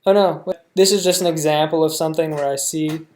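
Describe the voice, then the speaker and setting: A young American man reacting to a show, thinking out loud in a rambling way, full of fillers and restarts. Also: a little high, steady tone, brisk. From United States. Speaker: reaction video host. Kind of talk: casual reaction commentary.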